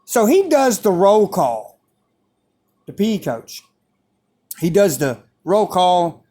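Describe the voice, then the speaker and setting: A man's voice: sits high, takes it slowly. A man telling a story in a casual, profane way, repeating phrases as he goes. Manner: animated, profane, repeats himself.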